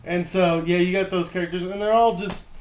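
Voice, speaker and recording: A man's voice: high voice, steady tone, a little fast, a little mellow. A man co-hosting a casual podcast chat, enthusiastic and laughing often as he tells things. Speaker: podcast co-host. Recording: echoey room.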